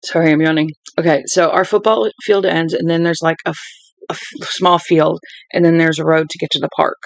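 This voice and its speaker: Tired 40s woman streamer, gravelly voice, dry close sound, rambling chatty delivery. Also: low-pitched, fairly even intonation, brisk, no room sound, rough recording. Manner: chatty storyteller who drifts off topic. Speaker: book-reading livestream host. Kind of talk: rambling casual chat. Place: at home with dogs.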